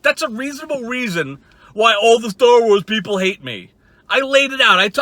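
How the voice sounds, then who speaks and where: A man rambles through a sarcastic, profanity-laced rant for his channel audience. His voice sits high and sounds bright and forceful, and he keeps it conversational even at his most scornful. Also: dry recording. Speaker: channel host. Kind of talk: casual ranting commentary.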